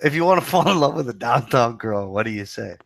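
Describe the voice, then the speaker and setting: A man's voice: medium pitch, expressive, fast, creaky, fairly bright tone. A man in a casual group chat who keeps asking questions with curiosity. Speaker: chat participant.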